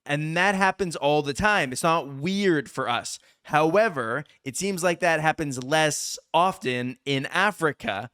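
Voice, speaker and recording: A man's voice: on the high side, unhurried, hardly any pauses, a bit bright, clean tone. A man from Canada hosting an interview, thinking aloud in an easygoing way and often murmuring "mm-hmm". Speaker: podcast host. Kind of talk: casual interview.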